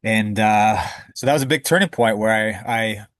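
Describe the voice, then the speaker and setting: A man's voice: lowish voice, moderate pace, no echo. A man, a podcast guest, candidly telling a personal story with emotion and casual swearing.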